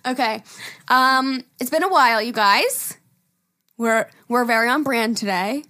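A woman's voice: fairly high pitch, a little slow, pushed and bright. A woman co-hosting a casual podcast, reading listener emails aloud, laughing often and swearing casually. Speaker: podcast co-host.

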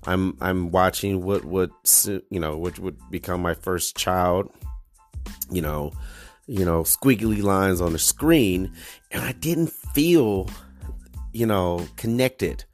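A man's voice: low-pitched, slow, faint music behind. A man, hosting a casual solo podcast with rambling, crude jokes and frequent restarts. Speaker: podcast host.

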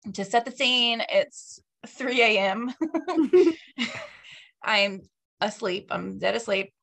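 A woman's voice: mid-range voice, slow, vocal fry. A woman co-hosting a true crime podcast, telling a story casually with lots of laughs and swearing. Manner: laughing, profane, animated storyteller. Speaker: podcast co-host.

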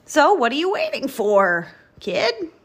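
A woman's voice: high voice, wildly swooping pitch, takes it slowly, voice pushed up, heavily acted. A woman doing a roaring pushy roller truck. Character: big blustering male roller truck.

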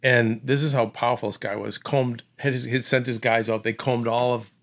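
Gravelly man spinning an animated story. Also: mid-range voice, moderate pace. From Boston area. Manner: animated, acts out voices, restarts often. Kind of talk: casual conversational storytelling.

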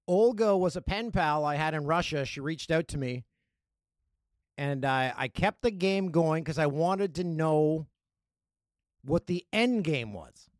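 A man hosting his own podcast, chatting casually and riffing on news stories and listener emails with a joking, animated manner. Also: on the high side, measured pace, no room sound, studio quality. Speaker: podcast host. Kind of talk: casual solo podcast chat.

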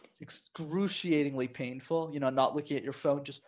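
A man with a fairly high voice talks on a podcast as a guest, coaching on conversation. He speaks casually and lively, slipping into the voices of people he quotes. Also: normal speed. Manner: animated, acts out quoted voices.

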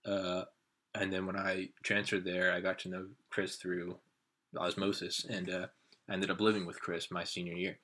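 A man in his thirties hosting a podcast, telling stories in casual chat and jumping into a higher voice to act out his friends. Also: moderate pace. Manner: animated, acts out quoted friends with raised pitch. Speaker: podcast host.

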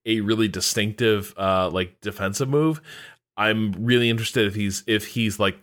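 A man with a low voice co-hosts a podcast. He reads listener mail aloud and then chats with plenty of hesitation. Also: a bit bright. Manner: hesitant, halting. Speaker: podcast co-host. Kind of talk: reading listener mail, casual chat.

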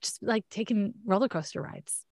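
A woman's voice: mid-range voice, moderate pace, a little mellow, no room sound, clean studio sound. A woman with a Canadian accent giving a frank, chatty astrology reading in a casual one-on-one talk. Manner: chatty, frank, laughs often.

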